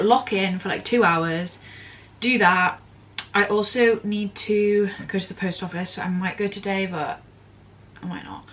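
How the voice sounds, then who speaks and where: A young woman with a British accent rambles chattily to the camera in vlog style, her mid-range voice a little bright. Words like "like" and "genuinely" come up often, over slight background noise.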